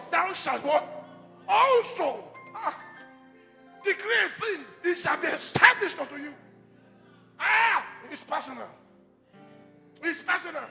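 A man's voice: very high-pitched, creaky. A man preaching a fervent charismatic sermon, leading the crowd in repeated decrees and calls to repeat after him. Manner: repetitive call-and-response decrees, often shouted. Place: large church hall. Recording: echoey church hall with faint music.

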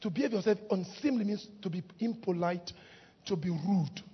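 A woman preaching a lively sermon in church, laughing often and breaking into shouts. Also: medium pitch, normal speed, a little hiss or hum. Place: church hall. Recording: muffled recording in a reverberant hall.

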